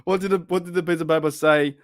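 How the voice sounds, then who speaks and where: Live-stream host, Australian man, slightly high voice, loose rambling delivery, dry close mic. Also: fairly even intonation, quick pace, dry recording. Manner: rambling, laughs often, trails off and restarts. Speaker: fan channel host. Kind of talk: casual live-stream chat.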